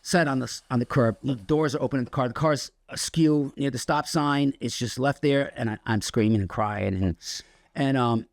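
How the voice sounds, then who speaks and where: Gravelly man telling a rough story. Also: medium pitch, dry recording. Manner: rambling, halting storytelling with many restarts. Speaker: podcast guest. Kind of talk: telling his recovery story on a podcast.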